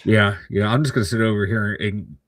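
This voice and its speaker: A man's voice: lowish voice, steady tone, brisk, dry recording. A man co-hosting a casual live sports show, blunt and jokey, swearing freely. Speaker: co-host.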